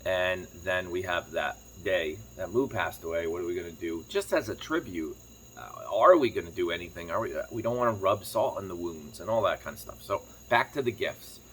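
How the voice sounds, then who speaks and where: A man chatting casually to camera as a farm vlogger, telling a rambling story quickly while sitting on his kitchen floor. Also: deep voice, a bit bright, slight background noise. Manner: rambling, fast-talking storyteller.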